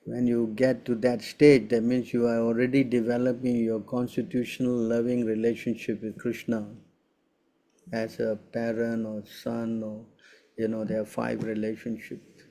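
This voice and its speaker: A man with a gravelly, mellow voice of middle pitch, answering questions as a spiritual teacher. He talks emphatically and keeps checking in with quick tag questions. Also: monotone. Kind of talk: Q&A session.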